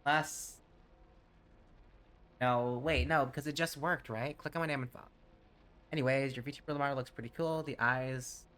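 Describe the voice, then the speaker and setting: This Tennessee streamer's mid-range voice stays steady, fairly bright and clean, at a moderate pace with frequent pauses. He chats casually with viewers during a gaming live stream, rambling and drifting off track.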